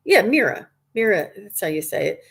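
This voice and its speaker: A woman's voice: on the low side, a little slow. A woman working as a psychic medium, giving a live reading to viewers in an earnest, rambling way with many restarts.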